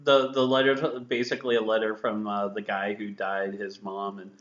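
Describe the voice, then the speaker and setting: A man's voice: on the low side, little pitch movement, normal speed, fairly bright tone. A man co-hosting a podcast, mocking a movie in a casual chat with frequent restarts. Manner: laughing, mocking, lots of restarts. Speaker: podcast co-host. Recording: echoey, dull lo-fi room sound.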